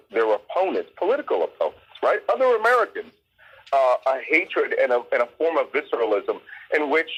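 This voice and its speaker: A man's voice: fairly high pitch, fairly bright tone, husky, rough recording. A man from Philadelphia, a guest commentator, speaking with emotional passion. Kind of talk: impassioned political commentary.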